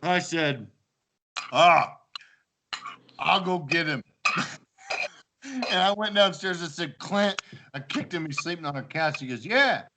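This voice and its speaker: A man telling old house-party stories in a casual chat, animated, acting out quoted lines and laughing often. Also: on the high side, takes it slowly, long pauses, background noise. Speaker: storyteller among old housemates.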